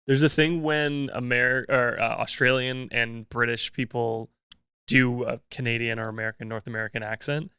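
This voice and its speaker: A man's voice: medium pitch, steady tone, moderate pace, pushed and bright, clean tone, no room sound, studio quality. A man on a podcast explaining a point in thoughtful, casual chat. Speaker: podcast co-host.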